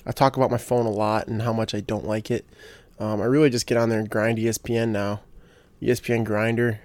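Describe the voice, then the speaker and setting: A man's voice: fairly low pitch, flat delivery, brisk, darkish tone, dry recording. A young man hosting a casual solo podcast, rambling with lots of fillers and restarts and getting fired up about sports. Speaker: podcast host.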